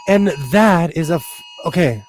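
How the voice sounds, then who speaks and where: A man's voice: fairly high pitch, expressive, measured pace, faint music behind. A man hosting a casual sewing livestream from home, bubbly and laughing often as he greets viewers. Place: at home indoors.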